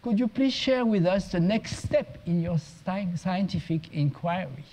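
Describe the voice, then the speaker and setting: A man's voice: high voice, expressive, unhurried, mellow, full character voice. A man voicing a pushy, somewhat aggressive male audience member who challenges a lecturer. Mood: challenging. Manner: pointed, challenging questioning.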